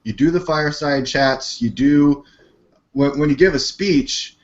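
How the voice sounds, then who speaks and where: A man co-hosting a talk show, speaking haltingly and repeating words as he thinks aloud. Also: fairly high pitch. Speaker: show co-host. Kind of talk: casual talk-show chat. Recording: dull lo-fi sound.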